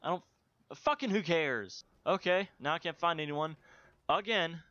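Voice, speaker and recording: Male gamer host, high and animated, slow-paced delivery between profane outbursts. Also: no echo, muffled recording. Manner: swearing, yelling outbursts at opponents. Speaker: gaming video host. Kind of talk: live gameplay commentary.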